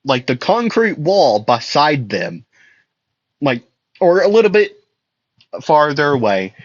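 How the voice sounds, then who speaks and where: A young man riffs through an improvised fan story, stumbling over fillers and restarts. His pitch swings widely while his pace stays slow and loose. The recording is dry and a little muffled. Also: very animated, dry recording. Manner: rambling, many "like"s and restarts, laughs at own jokes.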